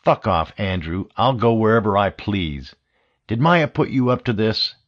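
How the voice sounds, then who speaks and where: A man's voice: fairly low pitch, animated, a little slow, highs cut off, pitched above the performer's own voice. A man reading a hardened young woman in an audiobook, with a curt, icy delivery. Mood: cold.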